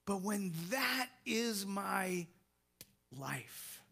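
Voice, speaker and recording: Slow, bright-voiced man preaching. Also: high voice, animated, creaky. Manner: slow and emphatic, with soft laughs and repeated words. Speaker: pastor. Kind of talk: sermon.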